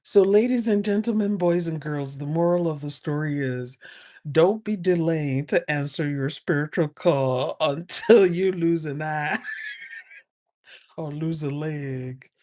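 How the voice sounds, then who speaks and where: A woman with a low, mellow voice speaks at an unhurried pace. She gives spiritual advice in a joking, teasing monologue, breaking into laughter often. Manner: playful, laughs often between phrases. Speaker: spiritual advisor. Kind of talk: humorous teaching monologue.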